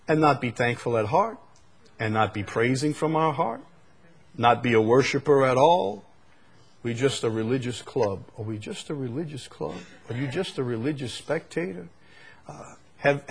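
A middle-aged male preacher giving a sermon, shifting from quiet musing to loud, emphatic outbursts. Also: fairly high pitch, lively intonation, moderate pace, husky.

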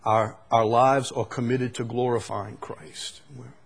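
A middle-aged male preacher giving a sermon, shifting from quiet musing to loud, emphatic outbursts. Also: medium pitch, steady tone, a little slow, creaky.

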